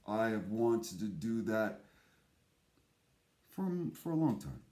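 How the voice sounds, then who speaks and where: A man's voice: fairly low pitch, sing-song, takes it slowly, a little mellow, a little hiss or hum. A man hosting his own show in a rambling, theatrical monologue, swearing often and jumping from thought to thought. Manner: profane, erratic, theatrical. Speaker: host.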